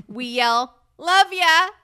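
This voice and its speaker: A young woman with a high, lively voice co-hosts a loose comedy chat. She reads quiz questions aloud, teasing her friend and breaking into giggles. Her tone is bright and sharp. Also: extremely slow, smooth. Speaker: podcast co-host.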